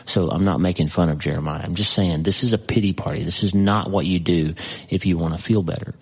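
A man preaching a sermon, reading scripture aloud slowly with dramatic pauses and breaking into conversational asides to the listener. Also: sits low, husky, rough recording.

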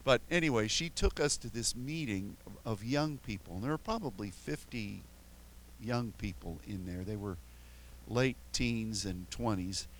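In this low-quality recording with slight background noise, an older man from the United States, a pastor, speaks at a measured pace in a fairly low voice. He spins anecdotal, self-deprecating stories full of restarts ahead of his sermon.

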